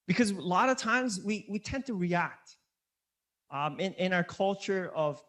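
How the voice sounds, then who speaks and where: A man's voice: on the high side, fairly bright tone. A male pastor preaching a sermon in an earnest, conversational way, often repeating key words for emphasis. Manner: conversational preaching with many restarts.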